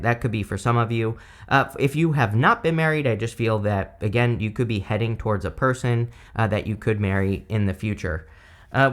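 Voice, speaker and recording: A man giving a casual tarot reading, talking loosely with many fillers and self-corrections. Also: mid-range voice. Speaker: tarot reader.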